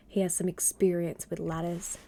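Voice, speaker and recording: Speaking into a desk microphone at home, a woman reads aloud and chats on a live stream. Her low, mellow voice carries a gravelly fry, and she often drops into a soft, wry half-whisper, giving the hushed intimacy of a home broadcast.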